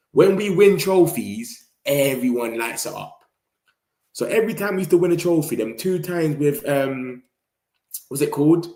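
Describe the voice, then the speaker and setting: Slangy London lad in a roomy echo. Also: male voice, mid-range voice, darkish tone. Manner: loose slangy banter, mimics rival fans in a raised voice. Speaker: football fan channel host. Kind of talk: casual live-stream chat.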